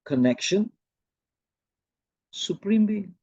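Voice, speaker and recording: A man's voice: high-pitched, expressive, vocal fry, slightly rough, no room sound, lo-fi sound, exaggerated voice. A man imitating a serene woman teacher. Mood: serene, deliberate. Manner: slow, soft, repeats key words. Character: a calm woman teacher speaking in slow, pausing phrases.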